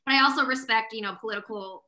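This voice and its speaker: A woman hosts a podcast with a bright, somewhat high voice. She is talkative and outspoken, and she speaks with clear passion. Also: quick pace, slight background noise. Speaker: podcast host. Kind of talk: casual interview chat.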